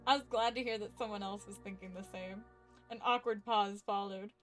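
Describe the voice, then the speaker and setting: A woman's voice: medium pitch, fairly even intonation, fairly quick, faint music behind. A woman streaming a horror visual novel, reading its text aloud and chatting with viewers, laughing often and swearing casually. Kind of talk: live game stream chat and reading aloud.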